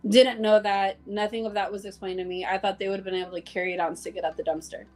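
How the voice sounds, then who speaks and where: A woman guest talking openly in a relaxed conversation. She is heartfelt, acting out what others said as she tells her stories and leaning on "like" as a filler. Her pitch sits in the middle of the range, with faint music playing behind her. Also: quick pace. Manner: heartfelt storytelling, acting out dialogue, many "like" fillers. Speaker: interview guest. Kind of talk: casual conversation.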